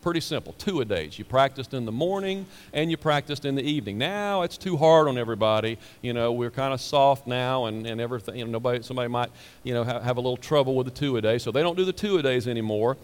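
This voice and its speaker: A man's voice: medium pitch, animated, fast talker. A man preaching as a pastor, casual and emphatic, often repeating his words. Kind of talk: sermon. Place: church sanctuary. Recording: hall reverb.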